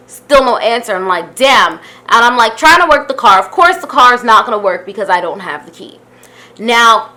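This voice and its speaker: A young adult woman telling a vlog story about being pulled over, animated and indignant, with some swearing. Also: on the high side. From United States. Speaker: YouTuber.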